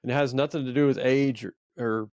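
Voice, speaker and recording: A man's voice: medium pitch, fairly even intonation, brisk, darkish tone, clean tone, no room sound, clean studio sound. A man in his forties co-hosting a faith podcast, telling a personal story in a rambling, earnest, self-reflective way. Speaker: podcast co-host. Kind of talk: casual storytelling chat.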